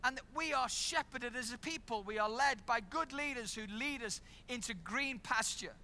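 Emphatic man preaching in church, high-pitched and piercingly bright. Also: a little hiss or hum. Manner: emphatic, builds to loud declarations. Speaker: pastor. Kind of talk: sermon.

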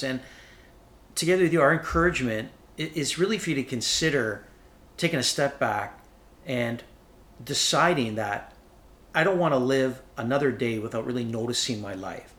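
A man with a middle-pitched voice talks like an inspirational speaker, full of passion. He builds his phrases to loud, high-pitched climaxes and hammers his main points home. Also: moderate pace. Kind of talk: enthusiastic motivational talk.

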